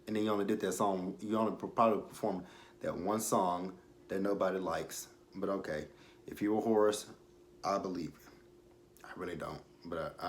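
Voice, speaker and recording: Candid young man recapping reality TV. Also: fairly low pitch. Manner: candid, rambling, often trails off into quiet asides. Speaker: show recap vlogger.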